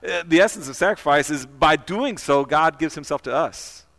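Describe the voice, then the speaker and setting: An earnest male pastor delivering a sermon in a slightly higher voice. He stumbles over and repeats words as he leads the congregation in call-and-response. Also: moderate pace, vocal fry, bright, forceful tone.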